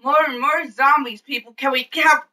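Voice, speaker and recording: A woman co-hosting a casual chat, playful and excitable, teasing her husband. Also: high voice, normal speed, distant mic. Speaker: co-host.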